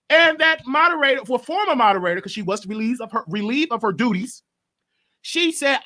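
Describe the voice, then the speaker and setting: A man's voice: very high-pitched, lively intonation, moderate pace, pushed and bright. A man hosting his own gossip show, rambling and repeating himself as he recaps what he overheard for his viewers. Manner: reports overheard talk to viewers. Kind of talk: casual gossip commentary.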